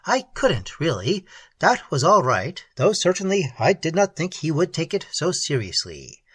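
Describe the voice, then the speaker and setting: A man's voice: on the high side, a bit bright, slightly rough, dry recording, exaggerated voice. A man voicing a deranged white-haired older male doctor, courteous and vague with bursts of ferocity, in a storybook reading. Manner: vague, then sudden ferocity.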